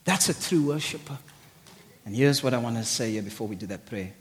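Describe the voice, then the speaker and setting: A man preaching an energetic sermon. He swings from shouted exclamations to low, intimate asides. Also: brisk, in a large hall.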